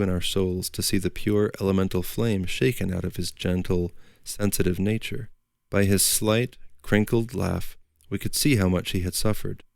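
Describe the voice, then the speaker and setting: Deep gravelly male audiobook narrator. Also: darkish tone, dry recording, clean studio sound. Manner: measured, literary storytelling.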